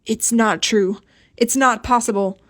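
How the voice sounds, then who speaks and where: A woman's voice: a little high, steady tone, measured pace, a bit bright. A woman voicing a distraught young man in an audiobook, desperate and pleading, close to screaming.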